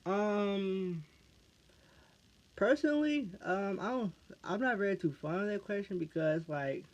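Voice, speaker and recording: An American man answering fan questions in a casual vlog, stumbling and restarting his phrases again and again. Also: high voice. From United States. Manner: halting, restarts phrases over and over. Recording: dull lo-fi recording.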